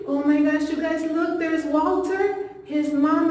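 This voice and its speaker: A woman teacher reading a picture book to young children, animated, gasping in surprise and quizzing them as she goes. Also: sits high, slow pace, a little hiss or hum. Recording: very echoey room with long reverb.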